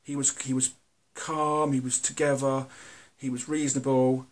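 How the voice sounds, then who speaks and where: A British man talking to camera in a candid, earnest monologue, blunt and halting, often restarting his sentences. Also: mid-range voice, little pitch movement. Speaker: video host.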